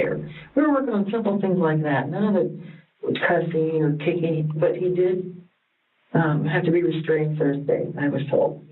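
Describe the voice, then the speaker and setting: A woman's voice: deep voice, normal speed. A woman, a former foster mother, recalling a child in a rambling, conversational way with many fillers. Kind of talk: interview recollection. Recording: distant, dull and lo-fi with faint noise.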